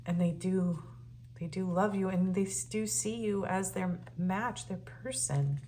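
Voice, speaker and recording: Woman tarot reader, slightly low voice, earnest and emotional, casual filler-heavy delivery, faint background hum. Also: measured pace, dark tone. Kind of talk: casual spoken tarot reading.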